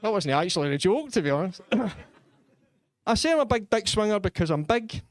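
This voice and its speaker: A man's voice: high voice, sing-song, a little fast, dry recording. A man doing crude, self-mocking live stand-up comedy in a comedy club.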